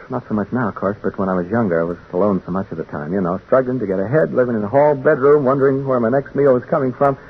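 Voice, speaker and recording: An actor playing a nervous, chatty radio announcer who stammers and rambles, in a 1940s radio drama. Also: male voice, mid-range voice, slightly rough, exaggerated voice. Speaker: radio announcer in a haunted house. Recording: tinny old 1940s radio broadcast.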